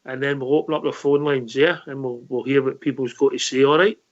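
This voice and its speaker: A man with a Scottish accent hosting a fan call-in show, brisk and jokey as he leads the talk. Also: mid-range voice, steady tone, lo-fi sound. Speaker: host. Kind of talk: casual call-in chat.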